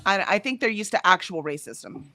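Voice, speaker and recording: A woman's voice: medium pitch, animated, moderate pace, pushed and bright, no echo. An American woman co-hosting a livestream in casual chat, reading out viewer comments and laughing often. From United States. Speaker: livestream co-host.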